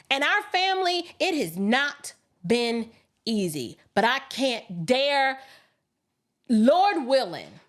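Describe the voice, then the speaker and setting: A woman hosting a political commentary livestream, colloquial and emphatic, often mimicking others in quoted asides. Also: high voice. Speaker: livestream host.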